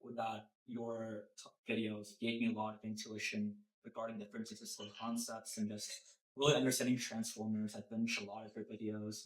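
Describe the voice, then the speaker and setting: A young man in the audience, earnestly thanking the speaker and then asking a question, with many fillers. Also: fairly low pitch. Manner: earnest and grateful, soft, with fillers. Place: lecture hall. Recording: echoey hall.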